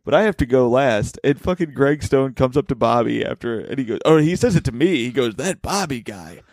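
A man's voice: mid-range voice, expressive, fairly quick, darkish tone, no room sound, studio quality. A man hosting a podcast, rambling loosely through casual chat and swearing often. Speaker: podcast host.

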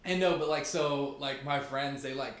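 A man's voice: mid-range voice, normal speed. Laid-back young man, lots of fillers. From Virginia, US. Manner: laid-back, many "like" fillers, laughs often. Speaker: podcast guest. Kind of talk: casual chat. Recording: echoey room, faint background hum.

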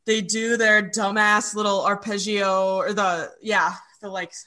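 Bright-voiced woman breaking down music theory. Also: mid-range voice, steady tone, a little slow. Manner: analytical, explains music theory. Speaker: podcast co-host. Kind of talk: casual chat.

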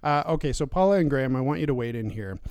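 A man hosting a political podcast from a newsroom studio, introducing guests with lively, jokey asides. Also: mid-range voice, fast talker, no echo. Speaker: podcast host.

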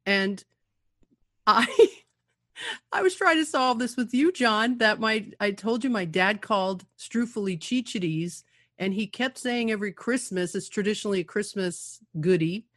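Lively female co-host, mid-pitched, close and dry. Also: a little slow, no echo. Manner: animated storytelling, laughs often. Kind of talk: casual radio talk.

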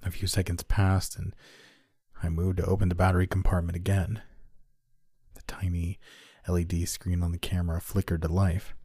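A man with a low, deep voice narrates a scripted horror story. His delivery is measured and deliberate. The recording is dry and close, with no room sound. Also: little pitch movement, mellow, slightly rough, no echo.

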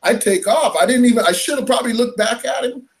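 Man, high voice, animated storyteller who laughs as he goes. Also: fast talker. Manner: animated, laughing, acts out quoted lines. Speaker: fishing tournament angler. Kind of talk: casual storytelling.

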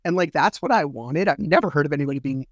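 A middle-aged man hosting a podcast, telling a personal story in a bitter, rambling way, swearing often and filling pauses with fillers. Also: on the high side, no room sound, studio quality. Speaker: podcast host. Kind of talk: casual solo storytelling.

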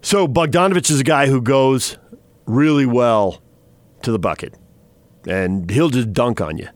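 A man's voice: medium pitch, a little slow, no room sound. A man hosting a sports radio show in a studio. He breaks down the game, teases his co-host and reads scores. The sound is close and dry. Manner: chatty, teasing, laughs often. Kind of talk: sports radio chat and news update.

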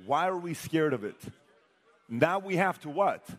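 A man speaking to a live audience, telling a family story in an animated way and putting questions to the crowd. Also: on the high side, unhurried. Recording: long hall reverb.

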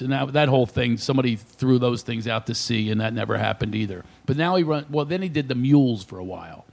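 A man's voice: mid-range voice, fast, vocal fry, hardly any pauses. A middle-aged male comedian telling family stories on a talk show, laughing often and acting out other people. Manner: animated storyteller, laughs often, does voices of others. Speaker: comedian guest.

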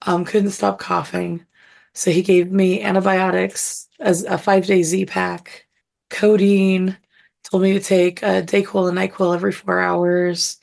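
Husky, gravelly-voiced woman, hoarse. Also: fairly low pitch, level tone, a little slow, a little mellow. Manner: rambling, storytelling with fillers. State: hoarse from illness. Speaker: podcast co-host. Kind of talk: casual chat.

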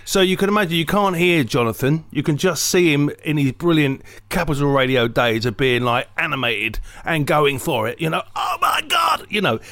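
A man's voice: on the high side, fairly quick, hardly any pauses, no echo, clean studio sound. A man, a comedian co-hosting a podcast, telling jokey, rambling stories, swearing and acting out voices. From England. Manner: animated, jokey, digressive, swears, acts out voices. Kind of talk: casual chat, comic storytelling.

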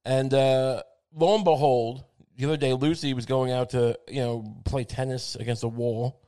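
A man rambling through a comic monologue, self-mocking and profane, with frequent halting restarts. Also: medium pitch, steady tone, mellow.

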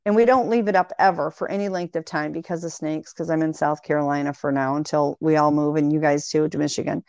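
A woman in casual conversation, telling long animated anecdotes full of quoted dialogue. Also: deep voice, fast talker, no room sound. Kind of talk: casual storytelling chat. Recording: dry, dull lo-fi sound.

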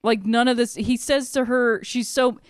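A woman's voice: fairly high pitch, fairly even intonation, normal speed, dry recording, clean studio sound. A woman talking casually about a film, chatty and laughing often, with casual swearing.

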